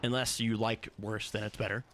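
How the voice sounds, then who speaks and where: A man's voice: on the low side, flat delivery, fairly quick, heavy background noise. A man streaming a game, chatting casually with viewers in a joking, profane, offhand way. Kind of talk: casual live-stream chat.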